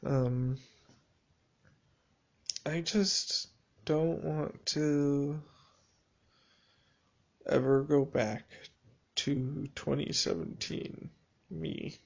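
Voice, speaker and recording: A man speaking a reflective, halting personal video journal monologue, with restarts and dry sarcasm. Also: on the high side, steady tone, gravelly, lo-fi sound.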